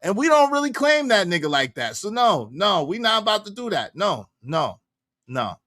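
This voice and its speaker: Animated high-voiced New man streaming. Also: moderate pace, no echo, clean studio sound. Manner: animated, loud, slangy, laughing often. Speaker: livestream commentary host. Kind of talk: casual reaction livestream.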